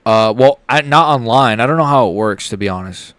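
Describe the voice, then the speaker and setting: A young man hosting a livestream, giving live fight reaction commentary in a rambling, excitable way, swearing and swinging from mumbles to shouts. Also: mid-range voice, a little fast, smooth, no echo, clean studio sound. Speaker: livestream host.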